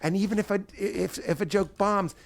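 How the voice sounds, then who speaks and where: A man's voice: high-pitched, steady tone, fairly quick, creaky. A man, a stand-up comedian, talking as a guest on a podcast, riffing animatedly and acting out his own bits in character voices. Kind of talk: podcast interview chat.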